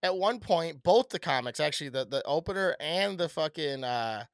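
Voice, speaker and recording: A young man co-hosting a podcast, telling a story in an animated way with lots of swearing. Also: on the high side, moderate pace, no room sound, clean studio sound. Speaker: podcast co-host. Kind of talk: casual chat.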